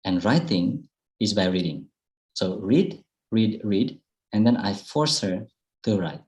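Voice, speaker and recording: A man's voice: lowish voice, animated, takes it slowly, darkish tone, rough recording. A middle-aged Indonesian man with an Indonesian accent, giving an online public speaking talk in a chatty way with fillers and restarts. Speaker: guest speaker. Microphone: video call.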